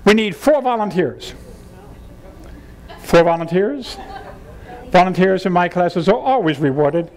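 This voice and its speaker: High, animated man leading a seminar. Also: measured pace, pauses often. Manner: playful, laughing, coaxing the audience through exercises. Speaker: seminar leader. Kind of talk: humorous seminar workshop. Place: seminar room with an audience.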